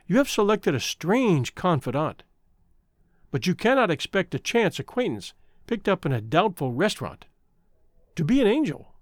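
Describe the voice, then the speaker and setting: Storybook reading: man playing a remorseful young woman, raised pitch, very lively delivery. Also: moderate pace, dry recording, studio quality. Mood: earnest. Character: young woman, former chorus singer, remorseful.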